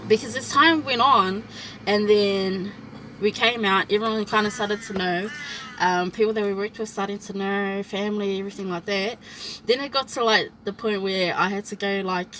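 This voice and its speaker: A woman's voice: mid-range voice, a little hiss or hum, low-quality recording. A woman, telling a personal story in a casual chat and acting out what people said. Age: 20s. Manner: animated storytelling, acts out quoted lines. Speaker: vlog host.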